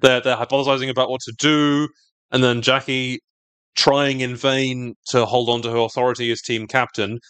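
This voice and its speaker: Podcast co-host, male, mid pitch, dry close sound, sardonic recapper. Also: flat delivery, moderate pace, fairly bright tone, clean tone, no room sound. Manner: wry, sardonic, talkative. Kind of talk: casual TV recap chat.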